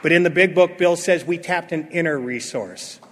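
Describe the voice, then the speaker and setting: High-voiced man telling his story in a hall. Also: normal speed, a little hiss or hum. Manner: animated storyteller, acts out quotes, swings from loud to hushed. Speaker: speaker at a recovery meeting. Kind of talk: personal recovery testimony. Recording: long hall reverb.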